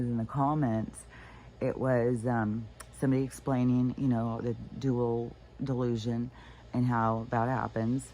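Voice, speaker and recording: Spiritual vlogger rambling thru a story, lots of ums, middle pitch, just chatting to the camera. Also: darkish tone, slight background noise. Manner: rambling, with fillers and laughs. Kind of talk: casual storytelling monologue.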